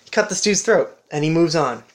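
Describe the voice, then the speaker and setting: A man who co-hosts a podcast, casually retelling a game playthrough in an animated, conversational way. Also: fairly high pitch, brisk. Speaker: podcast co-host.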